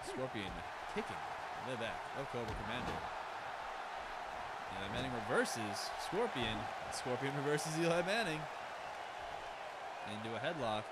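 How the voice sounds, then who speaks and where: A man with a strained, overworked voice calls wrestling moves play-by-play, excitable and profane. His pitch jumps around constantly as he reacts and cracks jokes. Background noise runs under the recording. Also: moderate pace, long pauses, a loud crowd. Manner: excitable, swearing, joking asides. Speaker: wrestling commentator. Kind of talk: play-by-play commentary.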